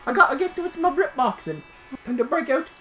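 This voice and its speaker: A woman doing a deliberately terrible, over-the-top British accent as a chirpy put-on character. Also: sits high, very animated, fairly bright tone, slight background noise, voice pushed up. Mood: hammy.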